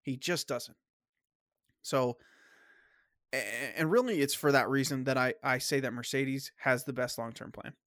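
A man hosts a casual sports podcast and argues his picks firmly, stumbling and restarting as he goes. He has a slight cough. His voice is mid-pitched and sits close and dry on the mic. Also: fairly bright tone, dry recording. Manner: opinionated, halting with restarts. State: coughing, clearing throat. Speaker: podcast host.

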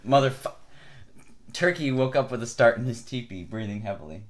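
A man's voice: medium pitch, expressive, quick pace. A man reading silly fan fiction aloud on a comedy podcast, laughing often as he reads. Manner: keeps breaking into laughter mid-read. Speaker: podcast co-host.

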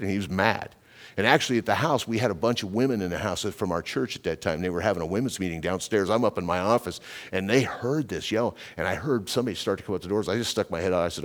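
A man's voice: fairly low pitch, animated, quick pace. Folksy preacher man, wide-ranging voice. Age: 50s. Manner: folksy, builds to loud fervent preaching. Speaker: pastor. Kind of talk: sermon storytelling.

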